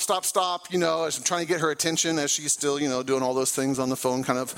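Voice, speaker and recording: A man's voice: a little high, a bit bright, rough recording. A middle-aged man, a trauma therapist and guest speaker, telling a personal story to a church crowd in a loose, conversational way with fillers and self-corrections. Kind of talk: storytelling talk from a church platform.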